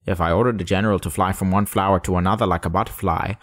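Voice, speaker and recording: A man's voice: low voice, steady tone, very fast, no room sound. A man voicing a pompous old king in an audiobook, grandiose and commanding, issuing orders. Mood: lecturing. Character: pompous old male king, absolute monarch. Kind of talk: audiobook character voice.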